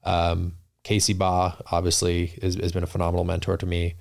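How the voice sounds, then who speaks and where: A deep-voiced man with a gravelly edge to his voice. He speaks in an even, steady line as a podcast guest. He is earnest and reflective, and he often circles back and restarts his thoughts. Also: fairly quick. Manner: earnest, reflective, many restarts and "you know". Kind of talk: casual interview talk.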